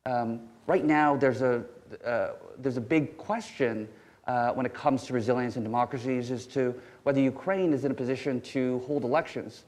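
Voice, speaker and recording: A man moderating a conference panel, speaking haltingly with many fillers as he introduces guests and asks questions. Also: mid-range voice, steady tone, a little mellow.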